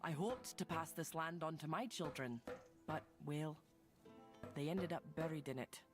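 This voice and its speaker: A woman's voice: low-pitched, a little slow. An actress voicing a stubborn, wary old farm woman in game dialogue, blunt and grumbling. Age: older. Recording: game audio with loud music underneath.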